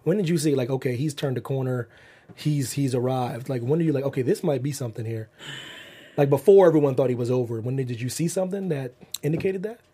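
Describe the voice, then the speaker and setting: Husky, enthusiastic male co-host. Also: medium pitch, quick pace, warm tone. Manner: enthusiastic, laughs often, slangy. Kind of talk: casual chat.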